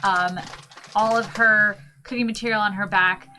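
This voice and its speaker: A woman's voice: medium pitch, steady tone, normal speed, sharp tone, a little hiss or hum. A tired woman player describing her character at the game table, chatty, with ums and self-corrections.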